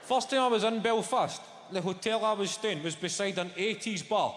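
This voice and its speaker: On a big theatre stage, a middle-aged Scottish comedian with a high voice works the crowd at normal speed, swearing and punchy. The recording is echoey with long reverb, the background noisy with loud audience laughter.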